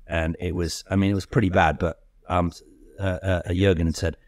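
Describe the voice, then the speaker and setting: Low-voiced, rambling man. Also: level tone, normal speed, darkish tone, no echo, clean studio sound. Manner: rambling, self-mocking, laughs through the story. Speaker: guest storyteller. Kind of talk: casual anecdotal chat.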